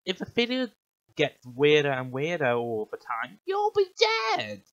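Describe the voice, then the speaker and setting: A man's voice: on the high side, wildly swooping pitch, a little slow, no room sound, dull audio. A man voicing a rude, bossy cartoon twin boy who reacts bluntly and indignantly in a fan dub. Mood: fed up.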